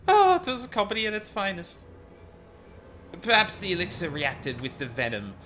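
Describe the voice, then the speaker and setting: A man's voice: high-pitched, huge pitch swings, moderate pace, pushed and bright, a little hiss or hum, voice pushed up, exaggerated voice. A man voicing a smug villain alchemist who mocks his victims in a theatrical, relishing way. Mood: gloating. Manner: theatrical, mocking, relishing others' misfortune.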